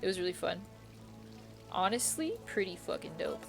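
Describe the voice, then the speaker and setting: A woman's voice: fairly low pitch, animated, normal speed, creaky. Young woman streamer just chatting while gaming, giggly and slangy, faint music in the back. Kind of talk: casual chat while gaming.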